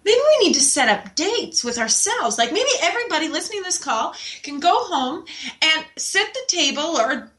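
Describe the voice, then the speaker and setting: A woman's voice: sits high, big pitch swings, moderate pace, a bit bright. A woman hosting a podcast, talking casually in an upbeat, enthusiastic way. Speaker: podcast host.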